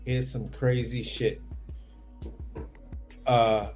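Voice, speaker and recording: A man's voice: mid-range voice, level tone, very slow, darkish tone, soft background music. A man hosting a casual boxing talk over a remote livestream call, laid-back and rambling, swearing offhand. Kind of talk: casual chat.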